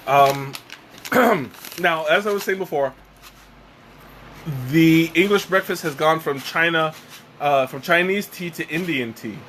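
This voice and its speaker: Slow and halting, with frequent pauses, a slightly high and bit-bright male voice leads a casual tea-tasting stream over a little hiss or hum. He's at home with a fan going, sweaty and catching his breath after choking, rambling with self-deprecating humor.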